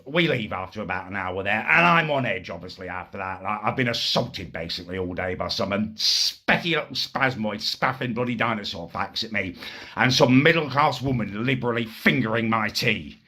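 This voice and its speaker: In an indignant, exasperated rant, a man delivers a crude comic story as a monologue. His voice is fairly low and sharp, with a breathy edge.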